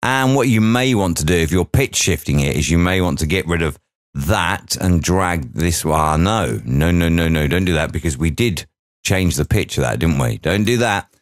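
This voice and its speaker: A man's voice: deep voice, lively intonation, moderate pace, no echo, clean studio sound. A man teaching audio editing, talking through each step aloud with chatty asides. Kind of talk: software tutorial walkthrough.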